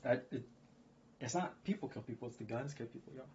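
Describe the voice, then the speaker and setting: Male vlogger, mid-pitched, swearing, rambling rant with rhetorical questions; slightly muffled lo-fi recording. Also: fairly quick, a little mellow, a little hiss or hum. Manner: profane, repetitive, rhetorical "guess what" questions. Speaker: video blogger. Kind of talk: ranting commentary on news.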